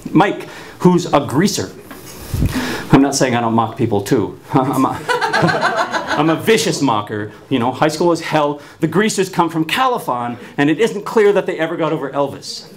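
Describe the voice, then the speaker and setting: A man's voice: a little high, big pitch swings, moderate pace. A man in his fifties from New Jersey telling a personal story wryly, with frequent stuttered restarts. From New Jersey, USA.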